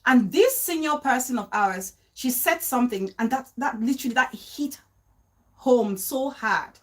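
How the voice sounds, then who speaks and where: A woman's voice: fairly high pitch, measured pace. A woman hosting a casual livestream, talking straight to her viewers, repeating her points and breaking off to greet people in the chat. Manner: animated, repeats phrases, greets chat viewers mid-sentence, laughs easily. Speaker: livestream host. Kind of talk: casual live-stream talk to viewers.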